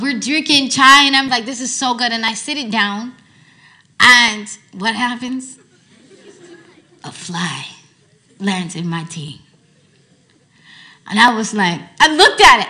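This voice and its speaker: American woman religious teacher, bright, fairly high voice, animated storytelling sermon. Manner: lively storytelling, animated swings from hushed to loud. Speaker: Islamic teacher. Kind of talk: sermon to a women's gathering.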